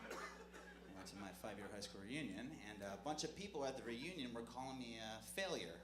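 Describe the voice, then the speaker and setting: A man performing a stand-up comedy set on a club stage, with an awkward, self-deprecating delivery full of halting restarts. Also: medium pitch, animated, over loud music. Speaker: stand-up comic. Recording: echoey club room with crowd noise.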